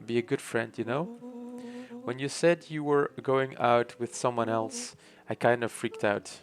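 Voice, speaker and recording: A man's voice: mid-range voice, fairly even intonation, a little slow, close to an everyday voice. A man reading the lines of an earnest, nervous young boy who halts as he apologizes. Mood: remorseful.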